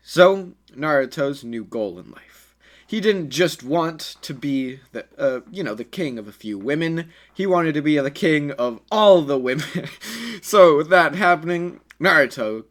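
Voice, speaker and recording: A man's voice: on the high side, animated, unhurried. Rambling casual male storyteller. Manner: rambling, filler-heavy, self-correcting. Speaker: fan fiction storyteller. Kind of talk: casual improvised story narration.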